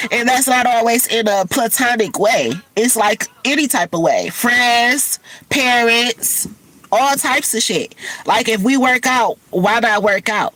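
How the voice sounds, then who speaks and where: A woman's voice: fairly high pitch, expressive, measured pace, a bit bright, low-quality recording. Tearful woman livestreaming, candid and sniffly. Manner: tearful, candid, addresses viewers as y'all. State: teary, sniffly from crying. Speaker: livestream host. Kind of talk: emotional casual livestream talk.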